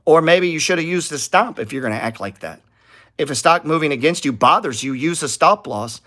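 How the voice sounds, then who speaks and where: A man's voice: on the high side, lively intonation, fairly quick. Blunt, profane man talking trades. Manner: blunt, profane, rambling, gets heated and louder. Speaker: stock trading channel host. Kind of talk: casual trading talk to viewers.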